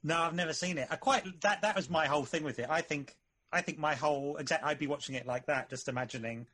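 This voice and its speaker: A man's voice: on the high side, fast, bright, forceful tone. A man co-hosting a podcast, chatting casually and hesitantly about films. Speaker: podcast co-host. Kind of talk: casual film chat.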